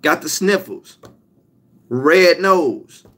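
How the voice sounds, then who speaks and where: A man's voice: high-pitched, extremely slow, fairly bright tone. A young man giving a motivational talk, emphatic and repetitive, stretching out his key lines. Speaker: motivational speaker.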